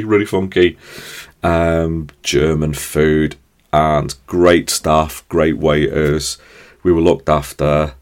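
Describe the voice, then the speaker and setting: A man hosting his own podcast, telling rambling, self-deprecating stories in a chatty, animated way. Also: very deep voice, takes it slowly. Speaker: podcast host. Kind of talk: casual storytelling monologue.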